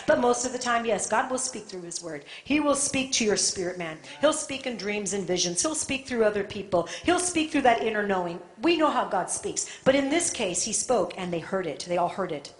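A woman preaching a sermon with passion, her delivery swinging from quiet and intimate to loud and fervent. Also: mid-range voice, expressive, normal speed, hardly any pauses. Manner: impassioned, swings from soft to shouting. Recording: echoey room.

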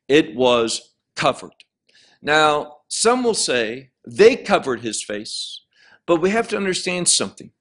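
A man's voice: fairly high pitch, fairly bright tone. A man teaching verse by verse through a Bible chapter, stressing each point and explaining Hebrew words.

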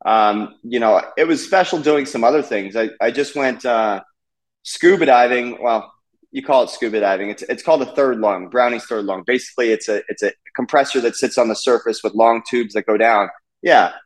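A man's voice: medium pitch, normal speed, low-quality recording. A man in his thirties, a race car driver, chatting casually in an interview with many fillers and restarts.

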